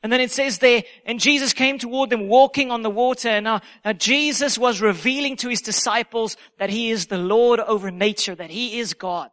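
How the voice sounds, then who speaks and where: A man's voice: very high voice, moderate pace, hardly any pauses, fairly bright tone. A man preaching a sermon, emphatic and repeating key phrases for effect.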